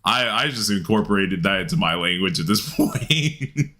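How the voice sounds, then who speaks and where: A man's voice: low voice, animated, normal speed, bright, forceful tone. Laid-back man streaming a game. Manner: laid-back and slangy, answering chat, laughs often. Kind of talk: casual livestream chat while gaming.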